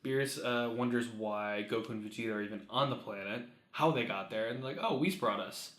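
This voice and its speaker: A man's voice: lowish voice, steady tone, fairly quick, fairly bright tone. A man co-hosting a podcast, recapping an episode in casual, joking chat and acting out lines as he goes. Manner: joking, acts out characters' lines while recapping. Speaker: podcast co-host. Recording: roomy echoey recording.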